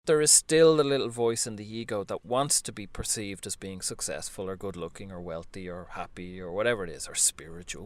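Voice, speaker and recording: A man talking earnestly in a reflective spiritual monologue, gently coaching the listener and laughing softly now and then. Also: on the low side, normal speed. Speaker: spiritual vlogger.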